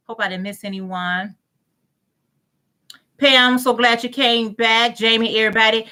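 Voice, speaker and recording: A woman hosts a casual crochet livestream. Her voice is bright and clear. She chats easily, greets viewers by name and reads their comments aloud. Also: a little high, fairly even intonation, a little slow.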